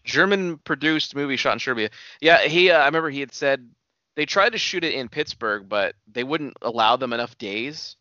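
Lively, bright-voiced man chatting about movies. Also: medium pitch, normal speed, no echo, dull audio. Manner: chatty, sharing behind-the-scenes trivia. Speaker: podcast co-host. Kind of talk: casual movie chat.

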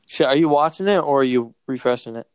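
Young man excitedly chatting sports. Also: medium pitch, fast talker, smooth, no echo. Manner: excitable, slangy, swears freely. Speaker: podcast co-host. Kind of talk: casual sports chat.

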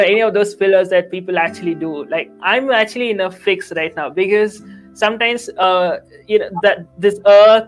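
A man's voice: high-pitched, low-quality recording. A man hosting an interview, asking long, rambling questions full of fillers and restarts. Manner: rambling, searching for words, fillers. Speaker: interview host.

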